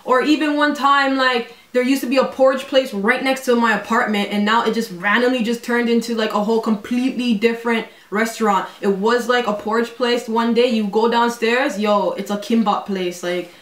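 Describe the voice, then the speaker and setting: Her voice is fairly high, fairly bright and fairly even in intonation, picked up by a distant mic with roomy echo. She's a woman in her twenties doing a casual home vlog, using slang, quick asides, and plenty of "like" and "yo".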